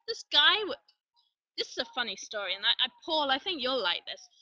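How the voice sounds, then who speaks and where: A woman hosting a live online show in a chatty, excitable way, rambling and restarting her sentences. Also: on the high side, no room sound, far from the mic, rough recording. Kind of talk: casual live-stream chat.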